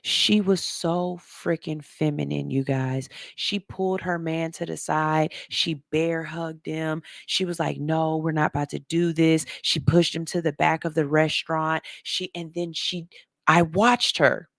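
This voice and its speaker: A woman hosting a radio show, telling a story to her listeners in a casual, animated way and calling them "y'all". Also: low-pitched, a little slow, gravelly, no room sound, clean studio sound. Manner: animated, talks straight to the audience as "y'all"; slips into soft, hushed voices when quoting people.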